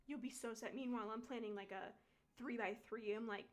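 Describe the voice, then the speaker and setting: A woman's voice: on the high side, fairly even intonation, a little fast, soft background music. A young woman vlogger chatting casually about her tattoos, full of fillers and swearing. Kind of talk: casual chat.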